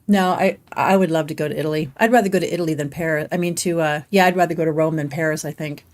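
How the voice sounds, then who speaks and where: A woman's voice: low voice, fairly even intonation, fast, hardly any pauses. A middle-aged woman chatting casually while streaming a game, laughing often and reading chat aloud. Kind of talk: casual gameplay livestream chat.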